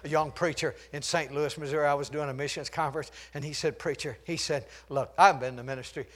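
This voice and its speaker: An older man preaching a sermon, swinging from loud, shouted declarations to hushed storytelling and chuckling at his own jokes. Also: a little high, steady tone, fast.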